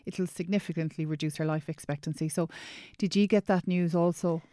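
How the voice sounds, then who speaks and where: A woman hosting a podcast, speaking gently and with empathy, reflecting on her guest's story. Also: lowish voice, fairly even intonation, a little fast, dry recording, studio quality. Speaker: podcast host. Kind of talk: interview conversation.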